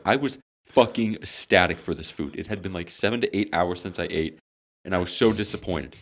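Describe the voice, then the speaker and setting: Young guy on a podcast, real deep voice, swears a lot telling his story. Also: brisk. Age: young adult. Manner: animated, swearing, dramatic comic storytelling. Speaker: podcast co-host. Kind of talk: casual storytelling among friends.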